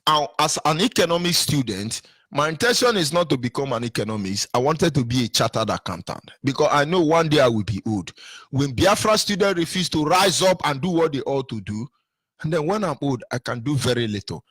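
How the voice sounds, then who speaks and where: Husky older Nigerian man, lively sing-song. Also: on the high side, brisk, dry recording. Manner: repetitive, emphatic, sing-song rises. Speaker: political commentator. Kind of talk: impassioned monologue.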